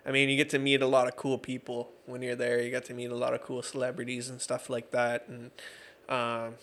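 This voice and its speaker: An MMA referee and judge in his thirties appears on an interview show, relating stories casually with lots of laughter and fillers. His voice is medium in pitch and a bit bright.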